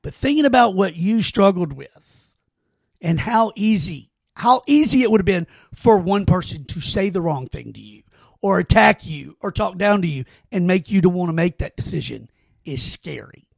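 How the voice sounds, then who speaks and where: Podcast host, male, raised pitch, gravelly, dry close sound, earnest rambling storyteller. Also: lively intonation, moderate pace, no room sound. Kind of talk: casual heartfelt conversation.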